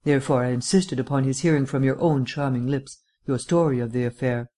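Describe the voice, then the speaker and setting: A languid, witty gentleman detective who teases everyone around him, speaking in a drawling, affected upper-class manner, read by a man. An audiobook figure who treats a murder case like a parlour game. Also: medium pitch, fairly even intonation, fairly quick, lightly acted. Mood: airy drawl.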